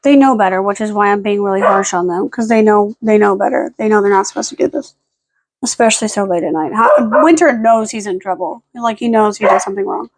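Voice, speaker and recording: A tired woman vlogging at home late at night, rambling and swearing, snapping sharp commands at her dogs. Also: medium pitch, quick pace, slight background noise. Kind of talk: casual vlog talk.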